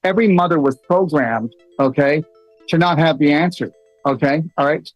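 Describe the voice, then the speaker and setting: A middle-aged man telling stories in a loose, casual way, full of fillers and animated asides. His voice sits a little high. The sound is dull and lo-fi, dry with no room to it. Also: moderate pace, dry recording, soft background music. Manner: storytelling, many fillers, rising into animated quoted lines. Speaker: host. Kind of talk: casual livestream talk.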